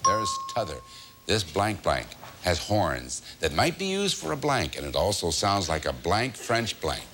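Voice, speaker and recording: A man hosting a TV game show, brisk and jokey, chuckling as he moves things along. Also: deep voice, huge pitch swings, bright, forceful tone, slight background noise. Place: TV studio with live audience. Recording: old TV broadcast with audience and music.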